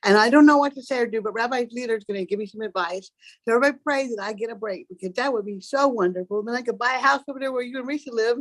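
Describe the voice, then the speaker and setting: A woman's voice: fairly high pitch, rapid-fire, rough recording. A woman taking part in a study class, chatty and eager, rambling as she asks for prayers. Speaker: class participant. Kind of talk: casual chat.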